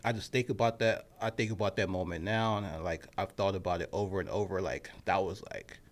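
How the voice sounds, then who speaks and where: A man telling a story in a casual podcast chat, with a lively delivery that drops to hushed asides and bursts into loud laughs. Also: sits low, brisk. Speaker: podcast host and sports reporter.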